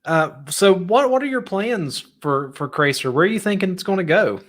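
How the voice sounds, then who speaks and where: A man hosts a podcast, laughing along at his guest's story before moving on to questions. His voice sits a little higher than most men's. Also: expressive, normal speed. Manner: amused, laughing along with short reactions. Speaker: podcast host.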